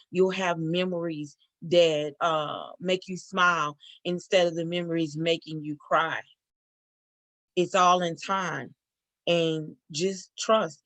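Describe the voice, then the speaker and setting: A middle-aged woman giving a spoken church testimony, earnest and halting, with many fillers and restarts. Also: on the low side, fairly bright tone, no echo.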